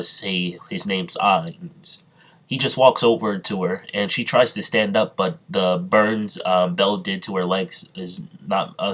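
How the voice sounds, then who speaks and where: A man with a lowish voice retells an anime story in a loose, rambling way. He stops often for fillers and corrections and reads the characters' lines without putting on voices. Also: a bit bright. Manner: rambling, halting, full of fillers and self-corrections, reads quotes in his own voice. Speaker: storyteller recapping an imagined anime plot. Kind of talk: casual spoken recap with quoted dialogue.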